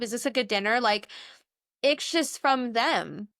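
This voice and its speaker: A woman's voice: fairly high pitch, expressive, a little slow, fairly bright tone, no room sound, studio quality. A young adult woman co-hosting a podcast, talking in a rambling, earnest, chatty way. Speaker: podcast co-host. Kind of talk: casual chat.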